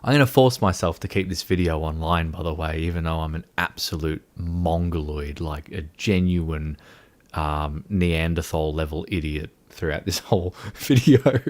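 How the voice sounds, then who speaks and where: A young man hosting a casual livestream chat, rambling and mocking himself with frequent laughter. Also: deep voice. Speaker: livestream host.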